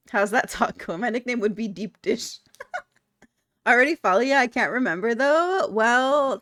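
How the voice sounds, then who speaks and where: With a voice on the high side, a young woman streamer reads viewer messages aloud in a giggly, playful chat, cursing freely. The audio is dry, clean studio sound.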